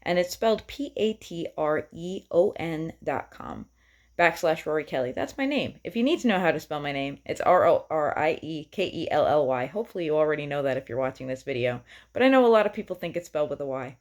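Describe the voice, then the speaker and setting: A woman songwriter with a slightly low-pitched voice talks to her viewers in a loose, chatty vlog. She sounds enthusiastic and often pauses on fillers. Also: animated, darkish tone. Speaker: singer-songwriter.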